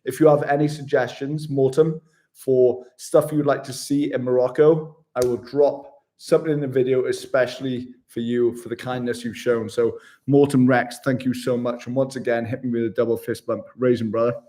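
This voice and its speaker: A male travel vlogger with a medium-pitched, mellow voice speaks at normal speed with a flat delivery. Chatting casually with viewers on a live travel stream, he's still upbeat and chummy, calling them "mate".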